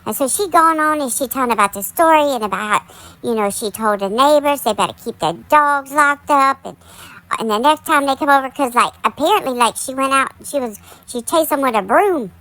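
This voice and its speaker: Bright, chatty woman gossiping. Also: high voice, animated, fairly quick, poor audio. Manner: chatty, full of "like" and "y'all". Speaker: commentary channel host. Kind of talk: casual gossip commentary.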